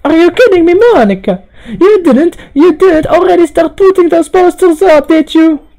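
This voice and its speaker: A man's voice: very high-pitched, lively intonation, moderate pace, creaky, dark tone, voice pushed up, exaggerated voice, low-quality recording. A man voicing a stubborn, feisty teenage girl with an exaggerated put-on Russian accent while reading a game aloud. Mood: indignant.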